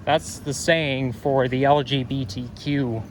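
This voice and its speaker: A man's voice: mid-range voice, fairly even intonation, slow, low-quality recording. A man vlogging as he walks city streets, chatty and rambling, correcting himself as he goes and a bit out of breath. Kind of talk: casual walking commentary. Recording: street noise behind outdoor walk. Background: traffic and street noise.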